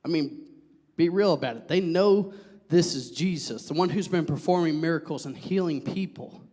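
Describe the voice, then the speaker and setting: Animated high-voiced pastor preaching in church. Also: male voice, moderate pace, in a large hall. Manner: animated, joking with the congregation, drops to a near whisper. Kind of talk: sermon.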